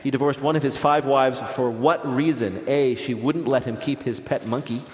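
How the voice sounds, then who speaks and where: A man's voice: medium pitch, steady tone, normal speed. A man hosting a live comedy quiz show, playful and teasing, often laughing at his own jokes. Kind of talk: joking radio quiz banter. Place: stage before a live audience. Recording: live audience in a reverberant hall.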